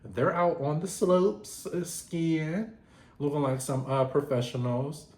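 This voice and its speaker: Animated, gossipy male recap host. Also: fairly high pitch, takes it slowly. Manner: animated, slangy, gossipy, laughs often. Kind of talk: casual recap commentary. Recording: roomy echo.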